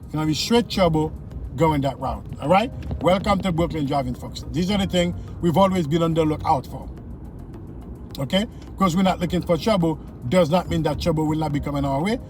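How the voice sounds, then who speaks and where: A man's voice: a little high, a little fast. A man, a driving instructor, talking viewers through city traffic from inside his car, repeating his points and checking they follow. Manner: repetitive, coaching, speaks straight to viewers. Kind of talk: casual in-car driving lesson commentary.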